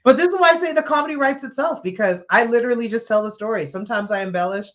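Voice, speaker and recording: A woman guest, a comedian, telling a funny story in conversation with lively laughter. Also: on the high side, racing. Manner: animated, laughing as she tells the story. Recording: slightly dull lo-fi sound.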